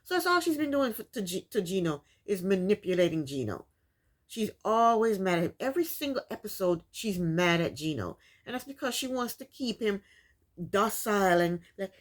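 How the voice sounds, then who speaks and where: A woman talks straight at her viewers, recapping a reality show with exasperation. Her voice sits in an ordinary middle pitch, and she rants loosely, stumbling over restarts as she goes. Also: sing-song, moderate pace. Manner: exasperated, opinionated ranting; loose, full of restarts and fillers. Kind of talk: casual commentary.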